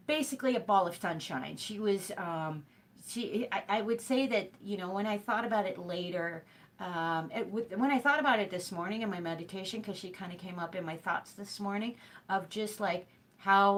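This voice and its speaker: A woman's voice: mid-range voice, a bit bright. A middle-aged woman hosts a live hooping show, chatting straight to her viewers. She rambles through her stories with plenty of fillers, restarts and asides. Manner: rambling storytelling with many fillers. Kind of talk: casual chat to a live stream.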